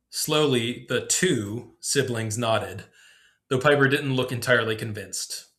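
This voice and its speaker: A man's voice: mid-range voice, a bit bright. Man reading his story aloud. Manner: measured, descriptive narration. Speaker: podcast host.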